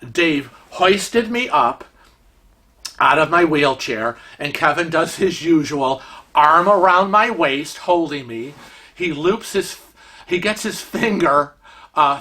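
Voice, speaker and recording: A middle-aged man casually telling a travel story to camera, animated and acting out the voices of the people in it. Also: on the high side. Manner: animated, acts out quoted voices.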